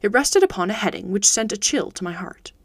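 A woman reading a classic detective story aloud as host of her audiobook podcast, steady and even. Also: mid-range voice, brisk, dry recording, studio quality. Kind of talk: audiobook narration.

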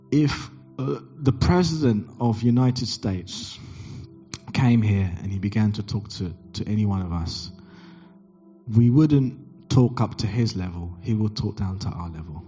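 A man preaching a sermon, telling a story and acting out the dialogue with big jumps in pitch. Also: unhurried, dark tone, highs cut off, faint music behind. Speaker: pastor.

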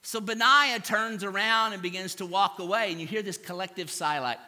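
Male pastor, sermon storyteller; high, very bright voice, long hall reverb. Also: normal speed, hardly any pauses. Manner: dramatic storytelling, acting out crowd reactions; asks the congregation to repeat after him.

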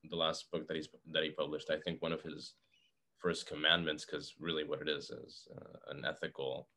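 A man taking part as a podcast guest in a casual philosophical discussion, reasoning in a measured, careful way. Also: very deep voice, little pitch movement, bright, forceful tone.

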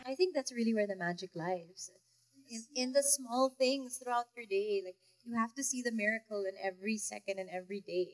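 A woman's voice: a little high, fairly quick, poor audio. Earnest woman podcast co-host. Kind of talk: casual podcast chat.

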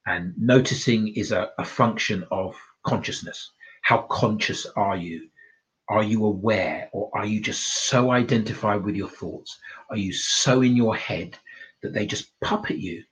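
A man's voice: fairly low pitch, a little slow. A man giving a casual self-development talk, blunt and swearing freely, laughing at his own points. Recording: dull lo-fi recording.

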